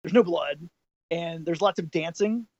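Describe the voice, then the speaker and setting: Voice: medium pitch, a little slow, a little mellow, no room sound. A middle-aged podcast co-host telling rambling anecdotes in casual chat, with plenty of restarts. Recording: dull lo-fi dry sound.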